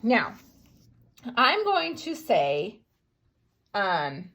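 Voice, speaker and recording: A woman gives a patient early-grade writing lesson, stretching each word into its sounds and letters at a very slow, unhurried pace. Her pitch rises and falls with plenty of movement as she rereads the sentence, and she slips into soft, breathy half-whispers when sounding out single letters. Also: wildly swooping pitch, low-quality recording. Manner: soft, half-whispered phonics sounds between spoken lines. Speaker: teacher.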